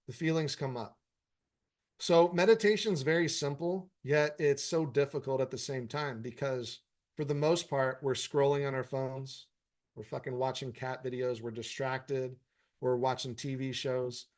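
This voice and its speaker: A man's voice: mid-range voice, steady tone, unhurried, darkish tone. Man, meditation teacher, informal live Q&A, blunt and profane but encouraging. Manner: frank, profanity-laced, encouraging. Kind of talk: casual live Q&A, reading viewer comments.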